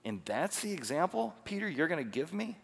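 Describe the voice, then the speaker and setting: A pastor gives an animated, conversational sermon and asks his listeners many questions. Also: a little high, a little fast, vocal fry, slightly rough. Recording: long reverb of a large hall.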